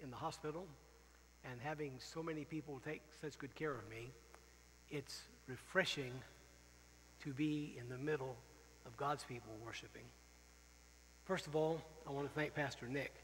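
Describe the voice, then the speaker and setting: A man's voice: a little high, a bit bright, big-room sound, slight background noise, rough recording. A man who is a missionary pastor preaching a farewell sermon, earnest and openly emotional, repeating phrases for emphasis. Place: church sanctuary.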